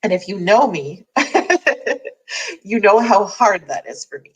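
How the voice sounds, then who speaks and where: A woman's voice: mid-range voice, expressive, measured pace, husky, rough recording. A woman hosting a daily online community chat, talking candidly and rambling, with frequent laughs. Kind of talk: casual heartfelt livestream chat.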